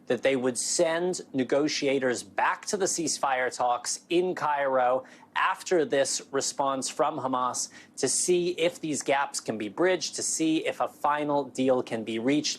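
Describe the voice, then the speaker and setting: A man reports live from abroad as a foreign correspondent. His pitch is average, and he delivers in a measured, clear way. He answers the anchor calmly and steadily.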